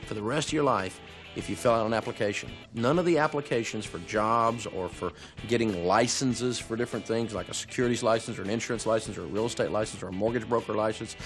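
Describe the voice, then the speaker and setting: A middle-aged man acting as a financial advisor, calmly and steadily explaining an answer. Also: fairly low pitch, fast talker, soft background music.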